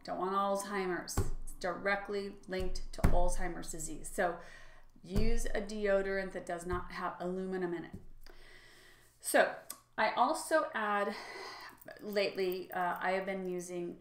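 A woman's voice: mid-range voice, fairly even intonation, measured pace, roomy sound. A middle-aged woman vlogger demonstrating products in a chatty, enthusiastic way, with frequent fillers. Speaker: lifestyle vlogger.

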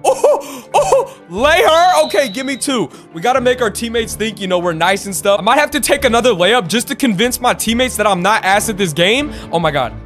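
A young man with a very high voice commentates his own gameplay in real time. He's excitable and profane, swinging between trash talk and pleading with teammates, with faint game music playing underneath. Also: fast, hardly any pauses. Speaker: gaming YouTuber.

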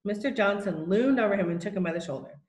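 A woman reading a children's novel aloud in plain, unhurried narration with small slips. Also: mid-range voice, lively intonation, darkish tone, reverberant, rough recording. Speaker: reader.

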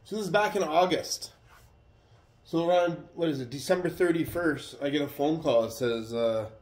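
A man telling a story in a casual, profane, animated way. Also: fairly high pitch, moderate pace. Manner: profane, animated retelling with acted quotes. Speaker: vlogger. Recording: roomy echo.

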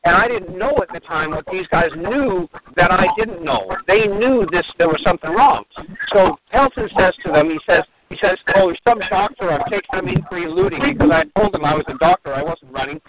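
Man telling a story over loud crowd noise. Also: sits high, animated, moderate pace, rough recording. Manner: earnest, repeats words while recounting. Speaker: dermatologist guest. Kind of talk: phone-in storytelling.

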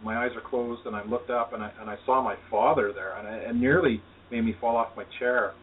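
A man's voice: medium pitch, fairly even intonation, a little fast. A man, an energy healer, telling his personal story in an earnest, reflective way as an interview guest. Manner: earnest, reflective, talks of spirituality. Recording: tinny phone line, distant, faint hiss.

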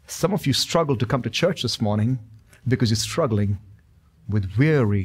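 A man's voice: mid-range voice, animated, normal speed, breathy edge. A male pastor in his thirties preaching a sermon in a church, emphatic and repetitive, with touches of humor. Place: church sanctuary.

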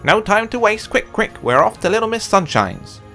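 A man voicing a mean old miser turned generous in a storybook, with high, loud, hurried exclamations. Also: expressive, faint music behind, natural voice. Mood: excited.

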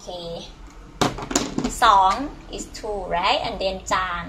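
A woman whose first language is Thai, teaching a language lesson and slowly repeating words for learners to copy. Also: mid-range voice, expressive, bright, forceful tone, slight background noise, rough recording.

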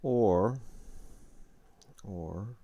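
A man's voice: lowish voice, very slow, dark tone, highs cut off, a little hiss or hum. A man thinking aloud while coding, muttering to himself and correcting his words, with keyboard typing behind him. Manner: muttering, self-correcting, frustrated asides. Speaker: programmer streaming a coding session. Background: keyboard typing and clicking.

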